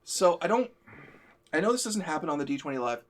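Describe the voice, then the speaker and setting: A live-stream show host vents in a heated, profane, emphatic rant. His voice is a little high, and he talks fast with great animation.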